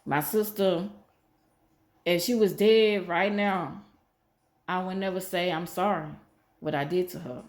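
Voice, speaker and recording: Rambling woman with a lowish voice. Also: unhurried, pauses often. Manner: rambling, repetitive, emphatic. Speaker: vlogger. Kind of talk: casual personal storytelling.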